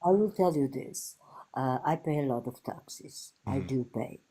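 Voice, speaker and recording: A woman's voice: extremely low pitch, measured pace, warm tone, slightly rough. A woman from Portugal with a Portuguese accent, a polite and earnest caller who apologizes often. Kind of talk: casual debate call.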